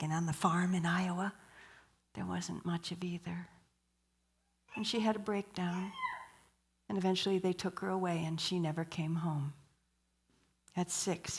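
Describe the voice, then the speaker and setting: Husky-voiced woman preaching a sermon. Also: on the low side. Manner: storytelling, asks the audience questions, drops to a whisper for emphasis. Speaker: guest speaker. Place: church.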